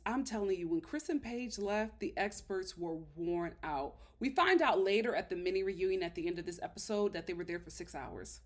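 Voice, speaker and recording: A woman's voice: on the low side, lively intonation, normal speed, few pauses. A woman reviewing a reality show in casual commentary, sassy and emphatic as she talks the episode through.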